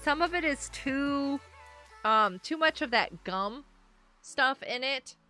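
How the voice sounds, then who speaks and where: Bright, high-voiced chatty woman. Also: expressive, slow pace, faint music behind. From United States. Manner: chatty and rambling, laughing often, with sudden squeals. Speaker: streamer. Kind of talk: casual live-stream chat while gaming. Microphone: microphone.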